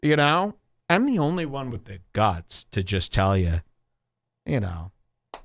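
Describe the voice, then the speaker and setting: Lively sarcastic man ranting on a podcast. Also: mid-range voice, a little slow, gravelly, pauses often. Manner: sarcastic, exaggerated mock voices. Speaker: podcast host. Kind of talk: ranting comedic podcast talk.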